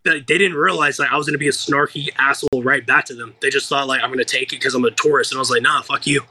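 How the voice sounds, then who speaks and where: Give me a bright-voiced young American man telling a story. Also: medium pitch, rapid-fire. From United States. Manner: animated, profane, acts out quoted voices. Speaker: guest fighter. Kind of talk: casual interview storytelling.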